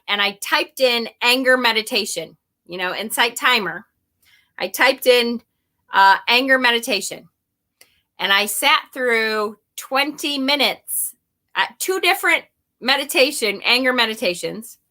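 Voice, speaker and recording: A woman with a bright, fairly high voice talks openly to her viewers. She rambles and restarts, swears now and then and laughs at herself, with the easy candor of a personal vlog. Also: expressive, takes it slowly. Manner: reads and answers viewer comments aloud. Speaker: spiritual vlogger. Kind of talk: casual confessional talk to viewers.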